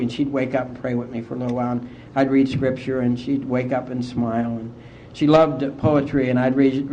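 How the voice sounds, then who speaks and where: A middle-aged man from West Virginia, speaking as an AA speaker and telling his recovery story to a conference in a heartfelt, unhurried way. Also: mid-range voice, dark tone, a little hiss or hum. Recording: dull lo-fi conference tape.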